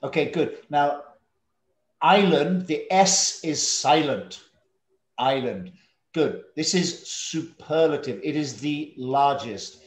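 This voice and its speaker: In an echoey room, a man with an expressive, higher-pitched voice teaches English over video. Patient and slow in his word drills, he calls students by name and uses Indonesian classroom words.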